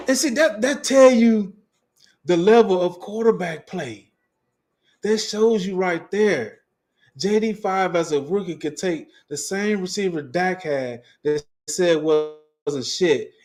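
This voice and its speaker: A man hosting a fan livestream, ranting profanely in heavy slang, laughing often and reading chat comments aloud. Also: high-pitched. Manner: profane, animated, laughs often, restarts a lot; heavy slang, talks straight to viewers. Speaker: sports fan livestream host.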